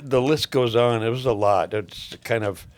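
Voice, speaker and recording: Older male guest, rambling storyteller, mid-pitched, swears, clears throat. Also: moderate pace. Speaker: podcast guest. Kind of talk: casual storytelling interview.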